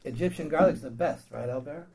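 Preacher, male, slightly high voice, scripture reading mixed with joking modern paraphrase and questions to the congregation. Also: a little fast, gravelly, warm tone, rough recording. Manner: reads King James verses, then paraphrases them in blunt slang with laughs.

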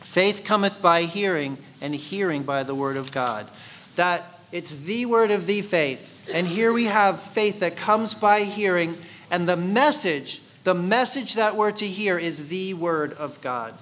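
A man's voice: sits high, lively intonation, a little slow, a bit bright, slight background noise. A man teaching a Bible study sermon in a conversational way, asking his listeners questions. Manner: conversational, asks the congregation questions.

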